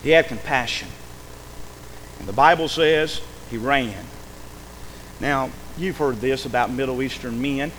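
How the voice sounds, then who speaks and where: A man's voice: mid-range voice, a little slow, pauses often, fairly bright tone, a little hiss or hum, rough recording. A man, a pastor, preaching a sermon emphatically, acting out quoted speech and calling for amens.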